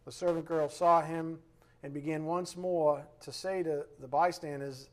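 A man leads a conversational Bible lesson, his voice sitting a touch higher than most men's. He talks loosely and informally, often turning to his listeners with a quick "right?" as he walks through the passage. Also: steady tone. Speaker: Bible teacher.

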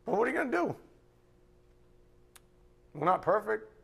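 A male pastor preaching an emphatic, fiery sermon in a church, then dropping to a quiet, hushed prayer. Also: high voice, very animated, moderate pace, creaky, breathy edge.

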